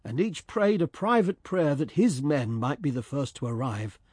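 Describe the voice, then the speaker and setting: A man narrating a dramatic story in a slow, measured storytelling voice. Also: mid-range voice, darkish tone, breathy edge, no echo, studio quality.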